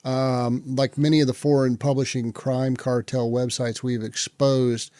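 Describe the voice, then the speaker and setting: A man co-hosting a podcast in casual chat, easygoing and quick to chuckle and agree. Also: mid-range voice, level tone, dark tone, no room sound. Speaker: podcast co-host.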